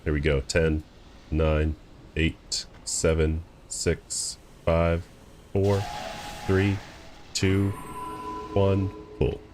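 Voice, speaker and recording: A man's voice: low voice, completely flat delivery, very slow, long pauses, darkish tone, faint music behind. A man streaming a raid in casual voice chat, laid-back, loose and chatty. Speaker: streamer playing a tank in a raid.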